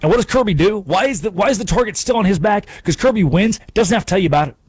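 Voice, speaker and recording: Male sports talk host, fairly high voice with big swings, sarcastic punch, dry studio sound. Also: quick pace, breathy edge, dry recording. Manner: emphatic, animated, sarcastic. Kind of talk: sports talk radio monologue.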